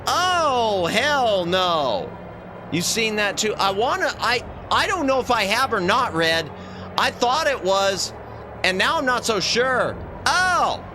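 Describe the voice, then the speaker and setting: A man streaming a game as a VTuber, chatting casually with viewers and reacting loudly to what happens on screen. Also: high-pitched, expressive, measured pace, background noise. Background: game music.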